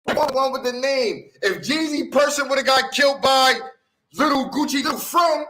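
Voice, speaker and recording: A man in a casual debate among friends, speaking in profane slang and pressing his point insistently, loud at times. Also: very high-pitched, normal speed.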